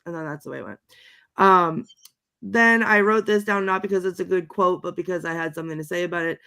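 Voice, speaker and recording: A woman's voice: lowish voice, a little fast, creaky, bright, forceful tone, clear, resonant tone. A woman co-hosting a podcast, wryly rambling through her notes on a film in casual chat. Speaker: podcast co-host reviewing a film.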